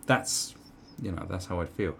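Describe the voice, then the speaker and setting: A man's voice: low voice, normal speed, vocal fry, fairly bright tone, husky. A man giving rambling, sarcastic opinion commentary, full of fillers and asides.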